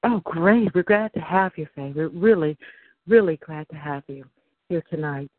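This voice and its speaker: A woman hosting a call-in show and interviewing a guest, speaking in a measured, formal way with frequent fillers. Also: low-pitched, no echo. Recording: tinny phone line.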